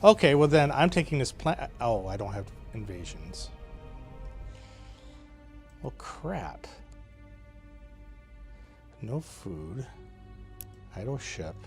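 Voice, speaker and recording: A man's voice: medium pitch, very animated, takes it slowly, pauses often, a little mellow, soft background music. A man playing his own strategy game and giving casual commentary as he thinks aloud, wry and chatty with frequent hesitations and short laughs.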